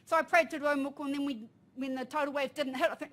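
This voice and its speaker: Woman, New Zealand accent, conference talk, lively storytelling, high-pitched. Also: fast talker. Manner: animated, laughing, mixes in Māori phrases. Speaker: panel speaker. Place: conference room.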